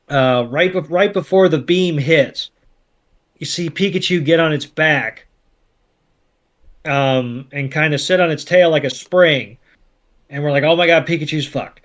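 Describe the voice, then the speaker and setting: A man co-hosting a podcast, retelling an episode in casual chat with animated, swear-laced storytelling. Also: a little high. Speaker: podcast co-host.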